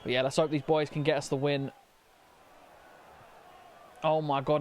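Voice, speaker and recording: A man's voice: on the high side, level tone, moderate pace, pauses often, darkish tone. A young man commentating his own football video game, flustered and stammering as things go wrong. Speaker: gaming commentator. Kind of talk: casual gameplay commentary.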